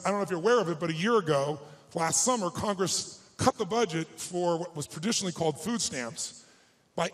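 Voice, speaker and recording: A middle-aged man speaks from the stage in a voice that sits a little high for a man. He tells a personal story with feeling and presses his audience to act. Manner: emotional storytelling, emphatic and exhorting. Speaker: motivational speaker. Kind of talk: live stage talk to an audience.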